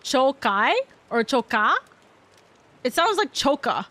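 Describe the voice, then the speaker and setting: A woman's voice: high-pitched, expressive, takes it slowly, fairly bright tone, dry recording. A young adult woman streamer chatting casually with her viewers, rambling and playful and swearing freely. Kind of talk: casual livestream chat.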